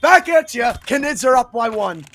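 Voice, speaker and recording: A man calling play-by-play as an esports caster, excitable and full of jokey banter. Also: very high-pitched, moderate pace. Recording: audible background noise.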